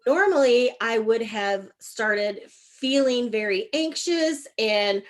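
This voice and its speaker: A woman's voice: measured pace, hardly any pauses. A middle-aged woman, a leadership coach, telling a candid personal story in an interview, acting out quoted exchanges. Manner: animated, acts out quoted exchanges with shifts in pitch and loudness.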